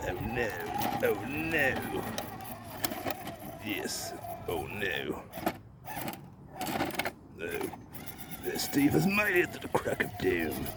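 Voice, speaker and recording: A man's voice: mid-range voice, huge pitch swings, unhurried, heavy background noise. A man casually narrating as he drives a small RC truck on an outdoor trail, talking playfully to the truck, recorded on a phone on a mount. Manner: playful, talks to his toy truck. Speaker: RC crawler hobbyist. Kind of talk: casual outdoor vlog commentary.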